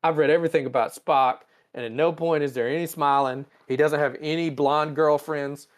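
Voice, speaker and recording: Man doing anxious young ensign, fretful, rushed, everyday voice. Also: a little high, steady tone, close to an everyday voice.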